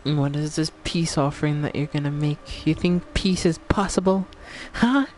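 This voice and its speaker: A woman's voice: low voice, normal speed, a little mellow, a little hiss or hum, close to an everyday voice. A woman putting on a wrathful, regal female fennec fox demon, speaking in theatrical, mock-archaic threats.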